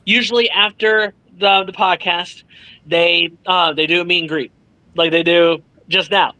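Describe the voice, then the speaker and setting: A man being interviewed as an author, telling a story with lively energy, swearing freely and acting out what others said. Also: high voice, a little slow, no room sound, low-quality recording. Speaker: author guest. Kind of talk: animated storytelling in casual chat.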